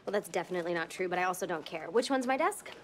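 A woman's voice: fairly low pitch, expressive, very fast, close to an everyday voice. An actress playing a brash, self-absorbed young woman who talks bluntly and sarcastically in a TV sitcom. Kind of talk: TV sitcom acting.

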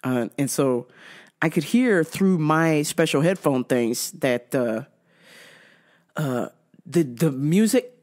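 A woman's voice: low voice, slow pace, pauses often. A woman hosting her own show, telling a casual story with lots of swearing and laughter. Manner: animated, profane, laughs often. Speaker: podcast host.

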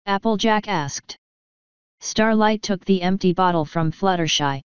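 A woman narrating a fan-written story in a steady, even way. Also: mid-range voice, measured pace, smooth, no room sound. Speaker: fanfiction reader. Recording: dull lo-fi recording.

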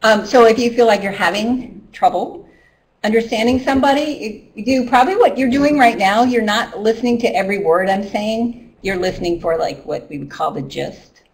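A woman's voice: a little high, normal speed. A middle-aged woman and ESL teacher presenting a training workshop in a loose, conversational way with many ums and restarts. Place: workshop room. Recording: voice from a distance.

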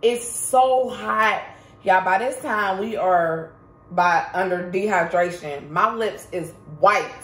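A woman's voice: fairly low pitch, slow pace, fairly bright tone. A woman telling a story to her viewers in a casual vlog, chatty and emphatic, talking straight to the audience. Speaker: vlogger. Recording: roomy echo.

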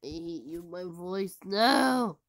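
Sick woman with a hoarse voice, whispery and worn out, talks real slow while gaming. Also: low-pitched, a bit bright, no echo. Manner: tired, strained, often drops to a whisper. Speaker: gamer. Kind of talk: casual gameplay commentary.

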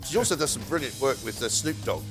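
A man hosting a TV panel show, teasing his guests with lively, quick asides in a studio. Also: mid-range voice, music in the background. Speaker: talk show host. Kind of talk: panel chat on TV.

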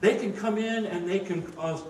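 A man's voice: high-pitched, moderate pace, a little mellow, a little hiss or hum. A man preaching a sermon, telling jokes and stories in a folksy, conversational way. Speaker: pastor. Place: church sanctuary. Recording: echoey room, mic at a distance.

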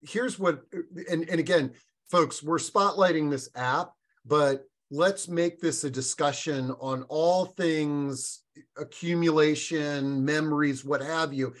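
A man hosting a live online discussion, talking casually with frequent pauses and fillers. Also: fairly high pitch. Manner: relaxed, halting, many fillers. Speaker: webinar host.

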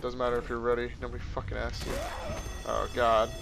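Over loud music, a man gives lively, casual let's-play commentary, swearing and crying out whenever something startles him. His voice is medium-pitched and creaky, moving a little fast.

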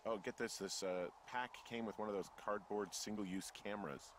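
An actor playing a middle-aged male fire lookout in a video game, talking in a plain, dry, even way. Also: on the low side, normal speed, noisy background, natural voice.

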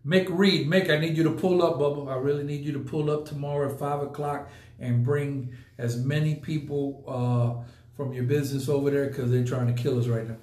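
A man's voice: mid-range voice, fairly even intonation, a little fast, darkish tone, reverberant. A man hosting a casual podcast, talking emphatically and repeating points for effect. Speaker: podcast host. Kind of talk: casual live podcast talk.

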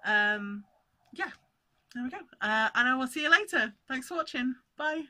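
Woman vlogger, very bright, slightly high, rambling casual chat at home. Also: expressive, moderate pace. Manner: chatty, rambling, self-interrupting. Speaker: cross-stitch vlogger.

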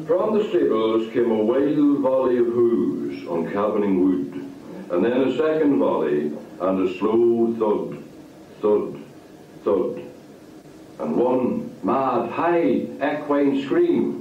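Man reading a story, animated swings in pitch, very echoey far-off phone-like recording. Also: slow, a little hiss or hum. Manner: lively, expressive reading.

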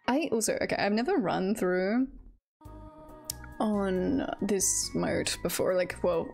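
Woman, VTuber streamer, casual gameplay chat, giggly, rambling, gravelly fry, faint music behind. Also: medium pitch, moderate pace. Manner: giggly, rambling with many fillers.

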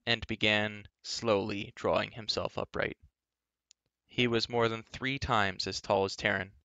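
A man reading a children's book aloud in a gentle, measured storytelling manner. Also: lowish voice, clean tone, dry recording, lo-fi sound.

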